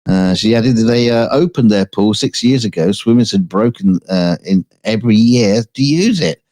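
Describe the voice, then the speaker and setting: Laughing man with lively pitch. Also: moderate pace. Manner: laughs often, joking asides. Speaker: co-host reading news stories. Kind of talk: casual comedic news chat.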